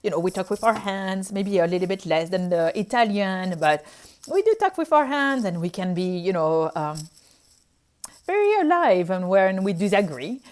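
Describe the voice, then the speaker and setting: A woman's voice: mid-range voice, sing-song, moderate pace, darkish tone. A woman from France with a French accent, a physician telling her own stories in a casual chat and acting out her past reactions. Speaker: physician sharing her experiences.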